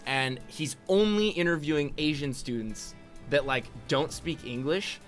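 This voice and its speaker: A young man casting an esports match, excitable and chatty, rambling through anecdotes between plays. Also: a little high, unhurried, faint music behind. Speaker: esports commentator. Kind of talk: play-by-play game commentary.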